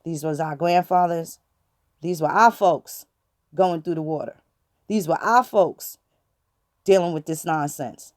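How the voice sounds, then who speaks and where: A woman's voice: low-pitched, unhurried, long pauses, a little mellow, no echo, clean studio sound. A woman with hosting her channel, talking in a blunt, preachy, casual monologue full of slang and profanity. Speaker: channel host.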